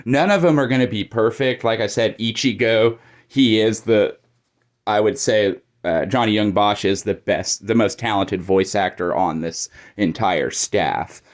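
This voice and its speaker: A man's voice: fairly low pitch, unhurried. A man giving casual, opinionated commentary in a video, talking in a chatty way full of "like" fillers.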